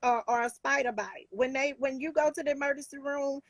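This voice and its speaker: A woman's voice: high-pitched, fairly even intonation, fairly quick, no echo. A woman life coach talking in a casual talk show, emphatic and heartfelt, with many restarts.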